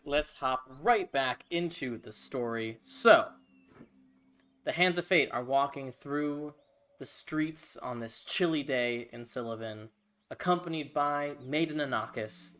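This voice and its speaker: A man's voice: mid-range voice, fairly bright tone. A man narrating a tabletop game as game master, casual and rambling.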